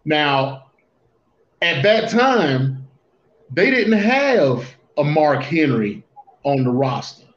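A man co-hosting a casual wrestling talk show, speaking deliberately and often restarting his phrases. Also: a little high, big pitch swings. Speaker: podcast co-host. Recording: roomy, dull lo-fi sound.

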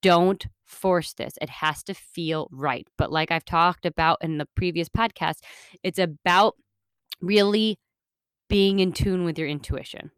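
A woman's voice: on the low side, a little slow, clean tone, no echo, clean studio sound. A woman hosting a self-help podcast, talking in an earnest, rambling, motivational way with lots of fillers. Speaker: podcast host.

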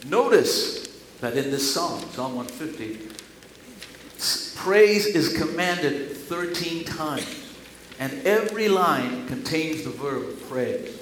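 Animated male preacher in an echoey room. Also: fairly high pitch, takes it slowly, slight background noise. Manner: animated, swings between loud emphatic reading and quiet asides. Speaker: pastor. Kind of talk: sermon. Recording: echoey room with faint ambience.

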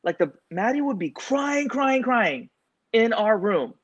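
A man's voice: sits high, big pitch swings, unhurried, highs cut off. A man in casual chat who tells stories animatedly and acts out his own past lines in a raised voice. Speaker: new father in a podcast chat.

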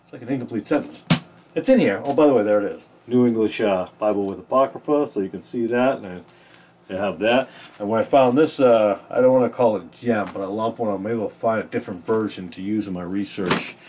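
A man hosting a casual podcast, comparing Bible verses with a sarcastic edge and reading scripture slowly with stress, in a small room. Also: on the low side, noisy background.

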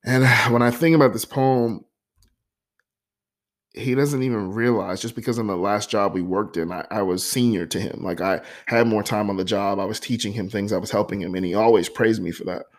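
A young man reading his own poem aloud and then talking about it in an earnest, heartfelt way. He pauses often with ums and becomes openly emotional. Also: lowish voice. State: emotional, voice catching. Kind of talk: personal poetry reading with reflective talk.

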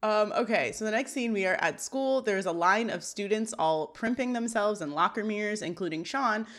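A woman co-hosting a podcast, recapping episode scenes in casual chat and quickly voicing the characters' lines as she retells them. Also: medium pitch. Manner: animated retelling with quick voiced quotes. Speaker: podcast co-host.

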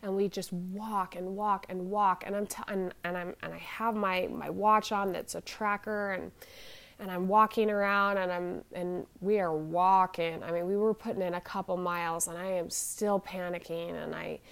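A woman in her forties, somewhat low-pitched, recounts a personal ordeal straight to the camera. Her speech stumbles and restarts constantly, with fillers between the halting phrases. She sounds shaken and anxious as she goes on. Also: fairly even intonation, gravelly. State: shaken and anxious while telling it. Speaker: vlogger. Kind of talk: personal storytelling.

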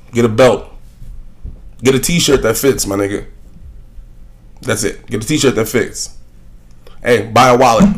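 A young man hosting a solo podcast, ranting bluntly and profanely in a rambling, offhand way. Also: medium pitch. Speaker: podcast host. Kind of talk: casual solo podcast rant.

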